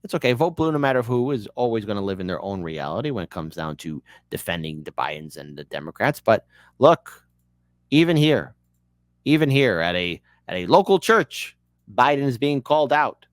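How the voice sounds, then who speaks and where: A man's voice: medium pitch, very animated, moderate pace, dry recording, studio quality. A man hosting an online commentary show, talking casually with a sarcastic, mocking manner. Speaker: political commentary host.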